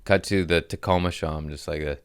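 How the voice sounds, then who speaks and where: A man's voice: extremely low pitch, fairly even intonation, brisk, smooth, dry recording, clean studio sound. A man, a stand-up comic hosting a podcast, telling stories in a casual, rambling way, laughing often and swearing freely. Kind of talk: casual storytelling chat.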